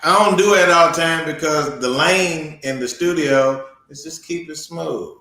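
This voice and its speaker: Man, slow talker, bright tense tone, chuckling, echoey room. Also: on the high side. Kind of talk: casual live-stream banter.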